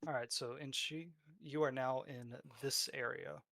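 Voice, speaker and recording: A man's voice: medium pitch, fairly even intonation, a little slow, vocal fry, bright, forceful tone, no room sound, studio quality. A man narrating a tabletop game as game master, describing scenes loosely with fillers.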